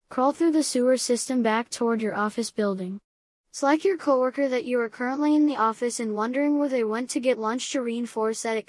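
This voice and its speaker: A woman reading scripted comedy narration, giving absurd advice in a calm, matter-of-fact way. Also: on the high side, no room sound.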